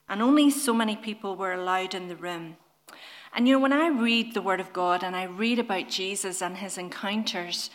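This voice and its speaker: A woman preaching a sermon in an earnest, gentle way, often putting questions to her listeners. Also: mid-range voice.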